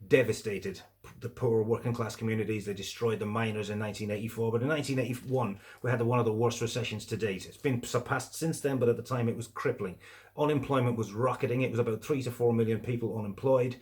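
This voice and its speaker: Middle-aged Midlands man, mid-pitched, for a profane, sarcastic political rant. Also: steady tone, fast talker, a little mellow. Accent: English Midlands. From English Midlands. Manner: sarcastic, heavily profane, indignant. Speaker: political commentator. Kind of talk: angry opinion rant.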